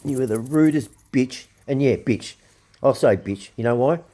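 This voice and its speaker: This Australian show host speaks at a moderate pace in a mellow, medium-pitched voice. His commentary is an angry rant, blunt and profane, with plenty of repetition.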